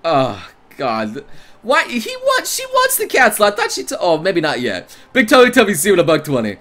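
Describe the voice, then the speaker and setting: Excitable, lively-voiced male streamer. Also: high voice, normal speed. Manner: excitable, crude, laughing reactions. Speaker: game streamer. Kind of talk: reading and reacting to a visual novel.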